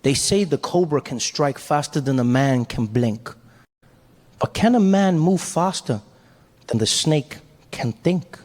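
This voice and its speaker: A man voicing a cool, calm snake charmer who speaks slowly and solemnly. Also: fairly high pitch. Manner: slow, solemn, mysterious.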